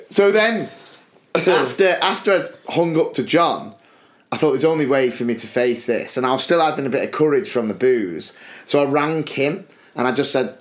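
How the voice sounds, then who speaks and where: A man's voice: medium pitch, normal speed. A British man co-hosting a podcast, telling a long personal anecdote in casual chat and often breaking into laughter. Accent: British English. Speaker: podcast co-host.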